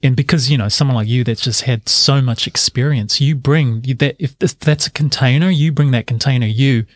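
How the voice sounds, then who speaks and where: Earnest, mid-pitched male co-host. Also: no room sound, studio quality. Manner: earnest, encouraging, halting restarts. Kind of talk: casual podcast conversation.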